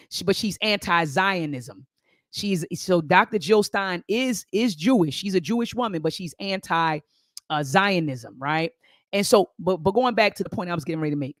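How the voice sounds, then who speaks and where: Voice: mid-range voice, fairly bright tone, dry recording. An educator hosting casual commentary, talking in a rambling way, backtracking and speaking straight to viewers. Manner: conversational, rambling, loses the thread and backtracks; addresses viewers and commenters directly.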